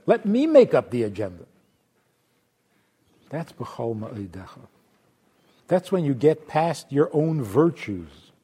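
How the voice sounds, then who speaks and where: A man teaching a Torah class, acting out imagined voices and laughing often, dropping to hushed asides and then rising loud. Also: mid-range voice, breathy edge. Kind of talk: lively spoken Torah class.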